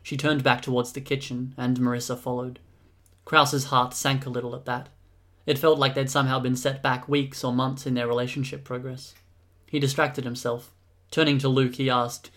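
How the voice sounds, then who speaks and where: A man giving steady audiobook narration. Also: medium pitch, normal speed.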